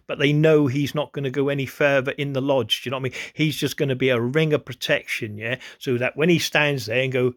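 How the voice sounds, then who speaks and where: A man's voice: mid-range voice, fairly even intonation, brisk, fairly bright tone. A man giving rambling commentary over video clips, repeating himself constantly and urging the listener to look. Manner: repetitive, keeps saying "look" and "you know what I mean". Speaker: conspiracy video host.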